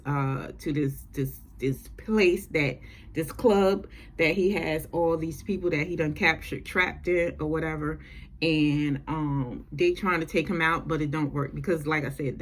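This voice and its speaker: A woman chatting casually through a TV episode recap, animated and profane, with features. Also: low-pitched. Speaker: recap vlogger.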